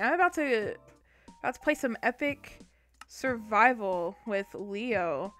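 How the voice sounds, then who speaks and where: Woman gaming streamer, sleep-deprived, high bright voice, chatty with sudden yelps, faint music behind. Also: lively intonation, takes it slowly. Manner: chatty, bursts into loud startled yelps. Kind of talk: casual livestream chat.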